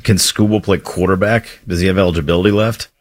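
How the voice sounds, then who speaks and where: A man's voice: low voice, steady tone, fast talker. A man co-hosting sports talk radio in casual, joking banter.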